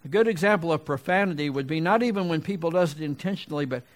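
A male pastor delivering a sermon, swinging between loud emphatic peaks and quiet low asides, with conversational restarts and remarks to the congregation. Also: quick pace.

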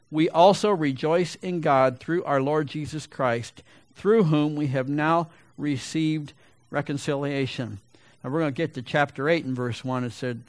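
A middle-aged pastor preaching a sermon loudly and with emphasis, his voice a little gravelly and building to big swells. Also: mid-range voice, dry recording.

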